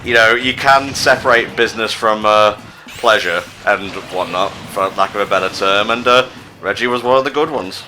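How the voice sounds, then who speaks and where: A man playing a video game and commenting casually, reacting out loud to every hit. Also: fairly low pitch, normal speed, slight background noise. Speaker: player.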